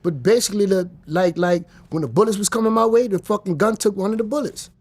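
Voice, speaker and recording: High-voiced man. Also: fast, a little mellow. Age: 50s. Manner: blunt, profane, streetwise. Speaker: interview guest. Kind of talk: casual storytelling.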